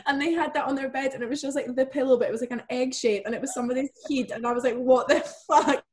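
A woman's voice: high-pitched, fairly even intonation, very fast, a little mellow. A young woman, telling a story in casual podcast chat, gushing and filler-heavy. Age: young adult. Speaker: podcast co-host. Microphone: remote video call.

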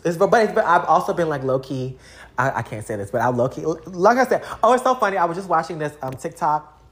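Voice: medium pitch, big pitch swings, fairly quick, reverberant, a little hiss or hum. A young adult vlogger talking in a casual, rambling monologue full of slang and fillers.

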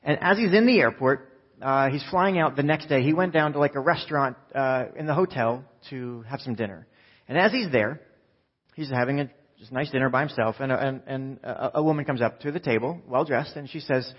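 A man's voice: mid-range voice, brisk, husky, muffled recording. A man preaching a sermon, telling a story with quoted voices and asides to the congregation. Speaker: pastor.

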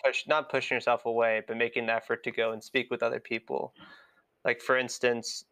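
A man's voice: medium pitch, level tone, a little fast, pushed and bright, dry recording. A young American man with an American accent, hosting a podcast in easygoing, reflective casual chat. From United States. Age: young adult. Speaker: podcast host.

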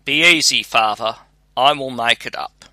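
A man voicing a clever, self-assured young scholar who calmly reassures his father in a storybook reading. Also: mid-range voice, moderate pace, no echo. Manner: calm, reassuring.

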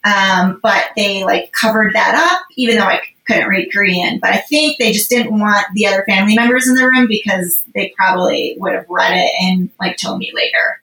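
A woman appears as a podcast guest, telling a personal story in a casual, emotional ramble packed with fillers. Her mid-range voice is pushed and bright, moving at normal speed with few pauses, and the recording has a roomy echo.

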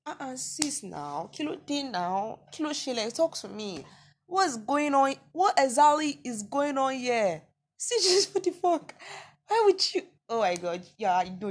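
A young woman with a Nigerian accent hosting a casual solo podcast, reading listener messages and reacting with disbelief and laughter. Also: medium pitch. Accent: Nigerian, Yoruba-inflected. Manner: animated, incredulous reactions with frequent laughter and exclamations. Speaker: podcast host.

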